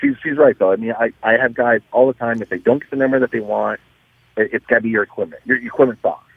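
A man calls into a casual radio interview as a guest and, as a dyno shop owner, tells stories with animation and many restarts. His mid-range voice is husky and fairly quick. The phone line sounds tinny, without any echo.

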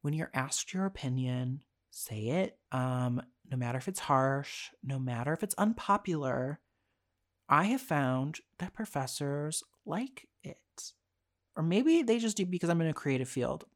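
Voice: mid-range voice, animated, unhurried. Young adult, podcast host, casual rant, profane, frank, exasperated, laughing asides. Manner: laughs between phrases.

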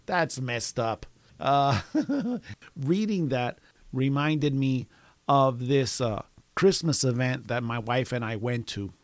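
Speaking slowly in a mid-range voice, a male podcast host tells a loose, rambling story full of restarts and self-deprecating asides. He chuckles often between sentences, and there's no echo on the audio.

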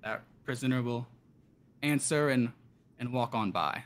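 A man narrating as game master of a tabletop game, in loose, halting speech full of fillers. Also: medium pitch, expressive.

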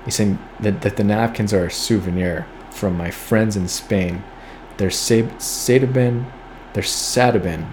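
A podcast host casually reads old poems aloud, then riffs on the lines with wry, profane asides, sometimes stopping to spell out words letter by letter while looking them up. His voice is fairly low, measured, and a little mellow. There's a little hiss or hum.

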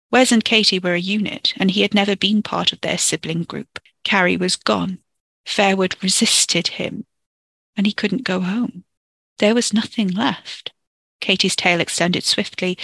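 A storyteller reading a dark fiction chapter in a steady, measured way into a close microphone. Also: medium pitch, creaky, dry recording. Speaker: podcast storyteller. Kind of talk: audiobook-style fiction narration.

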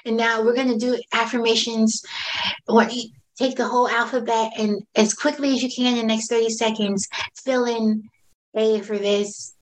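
A woman who coaches children and families, telling client stories in an animated, conversational interview. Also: a little high, normal speed, low-quality recording.

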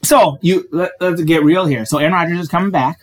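A man's voice: on the high side, fairly quick. A man from Wisconsin co-hosting a podcast in casual chat, playful and teasing, hyping things up. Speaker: podcast co-host.

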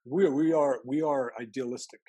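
A man speaking as a guest in an interview, recounting his time as an intelligence analyst with animated storytelling and frequent restarts. His voice is husky, at a middle pitch for a man. The recording is dry and close. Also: a little fast, no room sound. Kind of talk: conversational interview.

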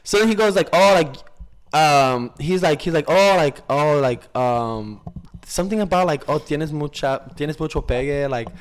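A man's voice: on the high side, animated, normal speed, clear, resonant tone. A man co-hosting a podcast in casual chat, acting out both sides of a conversation, slipping Spanish phrases into his English and filling his sentences with "like". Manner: heavy use of "like" as filler. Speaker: podcast co-host.

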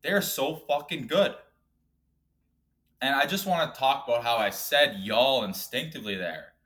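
A man in his twenties hosting his own podcast, rambling and swearing, with loud outbursts that drop to low mumbles. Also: animated, moderate pace. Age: 20s. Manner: profane, rambling, self-deprecating. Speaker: podcast host. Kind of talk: casual solo podcast rant.

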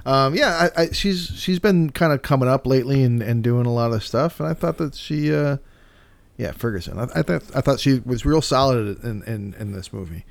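A man's voice: mid-range voice, moderate pace, creaky, dry recording. A man co-hosting a casual movie podcast, speaking in a laid-back, hesitant way. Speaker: podcast co-host.

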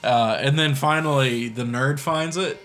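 A man co-hosting a podcast, retelling a movie plot in an animated way, laughing and saying "like" a lot. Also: medium pitch, a little slow. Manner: animated storyteller, laughs often, lots of "like". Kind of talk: casual movie recap chat.

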